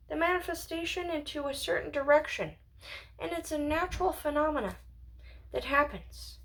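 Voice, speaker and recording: A high-sitting female voice belongs to a channel owner rambling through a philosophical monologue at home alone. She muses out loud, now and then trailing into whispers and giggles.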